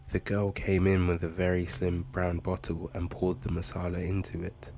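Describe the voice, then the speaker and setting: Guy reading a story, super low flat voice, unhurried. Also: slight background noise. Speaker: reader. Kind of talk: reading a short story aloud.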